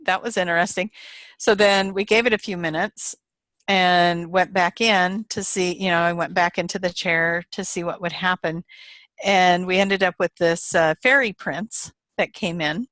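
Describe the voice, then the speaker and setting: A woman's voice: fairly low pitch, steady tone, normal speed, a bit bright, dry recording. A woman guest in an interview, telling a story casually, retelling quoted voices with animation and laughter.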